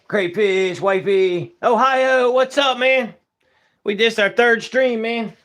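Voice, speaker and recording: A young man with a slightly high voice talks casually on a live stream while he works as a taxidermist. He is laid-back and greets viewers one by one, with loose, easygoing grammar. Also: slow pace, fairly bright tone.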